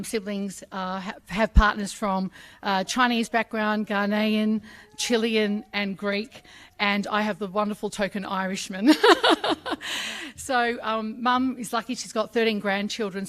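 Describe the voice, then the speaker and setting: A middle-aged Australian woman speaking as ambassador at a public ceremony, chatty and self-deprecating with many ums. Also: mid-range voice. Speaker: Australia Day ambassador giving a speech. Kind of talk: ceremony speech.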